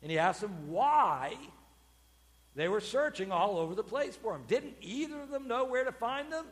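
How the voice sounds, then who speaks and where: A man, a pastor, preaching a sermon with expressive delivery, acting out quoted voices with sudden loud bursts. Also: high-pitched, normal speed, big-room sound.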